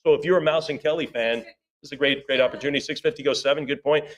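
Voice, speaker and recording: A male auctioneer calls a live sale in a quick, rhythmic chant of rising numbers. He breaks off now and then for easygoing, chatty remarks. His voice sits a little on the higher side. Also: fairly even intonation, a bit bright. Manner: rapid rhythmic bid calling with chatty asides.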